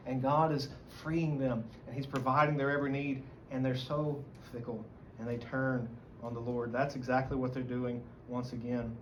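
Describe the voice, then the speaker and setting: A man's voice: mid-range voice, little pitch movement, moderate pace. A man with a Southern American accent teaching a church Bible study, reading scripture aloud and explaining it earnestly. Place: church meeting room. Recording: dull lo-fi recording, faint room noise.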